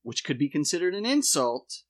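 A man hosting a comedy podcast, laying out a mock conspiracy theory in a deadpan voice with dramatic emphasis. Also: fairly high pitch, normal speed.

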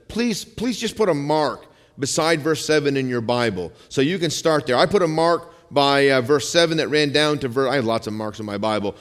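A male pastor preaching a sermon in a conversational style, dropping low and quiet for some lines and rising for emphasis, asking the congregation for amens. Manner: conversational preaching, calls out amen; shifts between quiet low lines and raised emphatic ones. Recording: long hall reverb.

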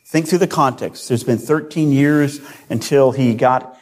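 A man's voice: mid-range voice, a little slow. A man preaching a sermon, retelling a biblical story and acting out the voices of its people. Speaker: pastor.

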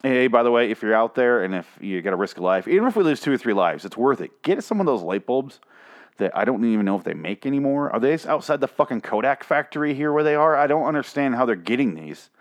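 A man's voice: medium pitch, lively intonation, fast. A man reviewing a TV episode in a sarcastic, profane, rambling rant. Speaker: TV show reviewer.

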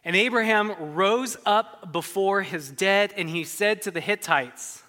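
A pastor preaching a sermon in a church, earnest and conversational, with quick asides and stumbling restarts. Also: mid-range voice, sharp tone, long reverb tail.

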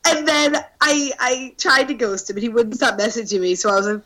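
A young woman telling a dating story in casual podcast chat. She is animated, swears freely and laughs through her words. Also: on the high side, normal speed, poor audio.

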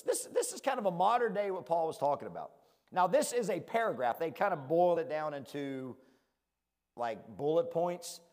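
A man's voice: sits high, long reverb tail. A man with a rural American country accent, preaching a conversational sermon, fired-up and self-deprecating, often asking his listeners "right?". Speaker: pastor.

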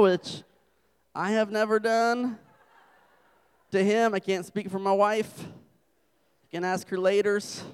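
Joking young preacher, smooth resonant voice. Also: male voice, high-pitched, unhurried, long pauses. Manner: joking, self-deprecating storyteller. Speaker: campus ministry preacher. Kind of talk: humorous sermon.

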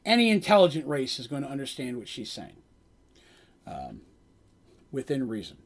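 A man's voice: mid-range voice, huge pitch swings, moderate pace, husky. A man as game master, casually recapping his tabletop game on a stream, rambling a bit and laughing as he goes.

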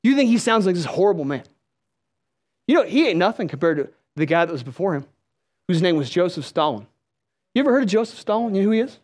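A man preaching a sermon, telling stories with lively delivery and calling out questions to the congregation. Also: high voice, quick pace, long pauses. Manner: storytelling, animated, calls out to the crowd.

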